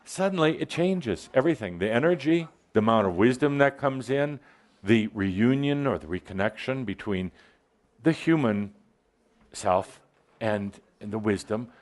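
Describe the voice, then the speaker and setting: Guy channeling a spirit for a crowd, teasing and playful, pitch bouncing all over, middling voice. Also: animated, measured pace, a little mellow. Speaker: channeler addressing a live audience. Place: live gathering with an audience.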